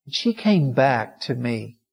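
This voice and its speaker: Husky-voiced pastor preaching with dramatic swings. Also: male voice, medium pitch, sing-song, slow. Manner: dramatic swings between loud climaxes and hushed, quiet lines. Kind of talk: sermon with storytelling.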